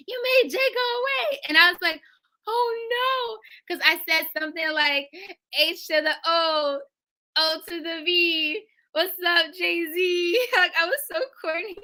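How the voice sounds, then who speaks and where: A young adult woman, an actress, telling stories in a casual interview. She is animated, acts out quoted lines and uses many fillers. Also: high-pitched. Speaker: actress guest.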